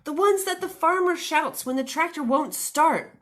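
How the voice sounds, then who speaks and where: A woman's voice: sits high, normal speed, fairly bright tone, pitched above the performer's own voice. A woman voicing Moo, a dreamy, scheming female cow in a storybook, talking eagerly and emphatically. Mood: insistent.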